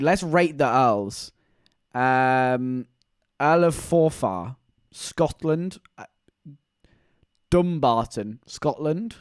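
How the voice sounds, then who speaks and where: A man's voice: mid-range voice, dry recording, clean studio sound. A man, streaming live and chatting in a rambling, joking way. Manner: rambling, joking, animated storytelling. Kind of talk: casual live-stream chat.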